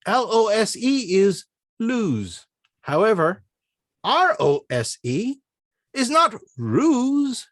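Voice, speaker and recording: A man performs a humorous prepared speech at a speaking club. He talks slowly with a very lively, swooping pitch. He asks playful rhetorical questions, and the room sound is dry and close. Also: no room sound. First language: not English.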